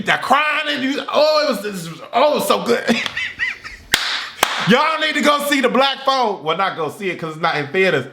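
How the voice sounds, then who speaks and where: Animated man reviewing a movie, echoey room. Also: high-pitched. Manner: animated and excitable, acts out his reactions and yells at the screen. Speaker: movie reviewer, channel host. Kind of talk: casual movie review vlog.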